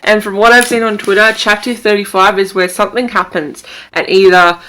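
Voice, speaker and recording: A woman's voice: mid-range voice, fairly even intonation, a little fast, pushed and bright, slight background noise, poor audio. A young woman chatting casually in a reading vlog, gushing and emotional as she rambles about a book. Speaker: book vlogger. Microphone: camera mic, wears glasses.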